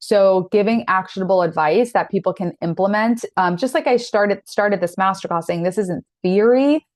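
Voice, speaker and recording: A woman's voice: medium pitch, moderate pace, dry recording. A woman in her thirties teaching an online masterclass in an earnest, direct, encouraging way. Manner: earnest, direct, encouraging, with animated quoted asides.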